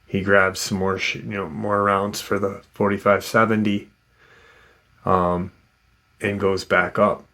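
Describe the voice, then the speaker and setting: A man's voice: sits low, flat delivery, unhurried, pushed and bright. A man casually retelling someone's encounter as a story, rambling with lots of fillers and restarts. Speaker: host retelling a witness's encounter.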